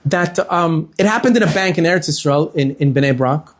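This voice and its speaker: A man's voice: a little high, normal speed. A man, a rabbi, giving a lecture in which he tells a story and acts out its dialogue. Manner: animated storyteller acting out dialogue.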